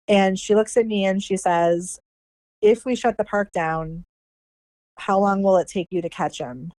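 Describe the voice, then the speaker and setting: Middle-aged woman, podcast guest, animated storyteller, close dry mic. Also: medium pitch, normal speed, no room sound. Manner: animated storyteller acting out quoted people. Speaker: podcast guest, former animal control director. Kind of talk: storytelling in a casual interview.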